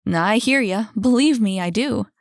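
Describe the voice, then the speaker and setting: A woman voicing a brisk, friendly woman who manages a club, emphatic and quick to exclaim. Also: medium pitch, no echo, studio quality, close to an everyday voice. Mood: sympathetic.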